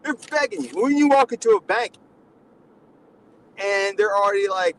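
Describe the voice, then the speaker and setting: A man's voice: high-pitched, moderate pace, long pauses, slight background noise, low-quality recording. A man with a nasal voice, lecturing in a mock-condescending way during a casual comedic panel chat.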